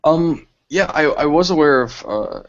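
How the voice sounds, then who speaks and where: A young adult man, a filmmaker and interview guest, describing his experiences in a relaxed, reflective way. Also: fairly high pitch, a little slow, muffled recording. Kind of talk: casual interview answers.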